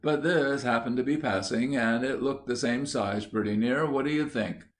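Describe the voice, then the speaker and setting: A man voicing an impatient, irritable man who spells words out with exaggerated slowness. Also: mid-range voice, lightly acted. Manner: curt, exasperated, spells words out slowly.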